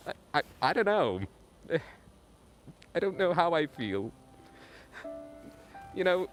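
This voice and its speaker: Slow rambling young man, wild swoops. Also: fairly bright tone. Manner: rambling, mock-dramatic, wildly swinging pitch. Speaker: vlogger. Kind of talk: comedic outdoor vlog. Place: snowy woods at night. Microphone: phone camera.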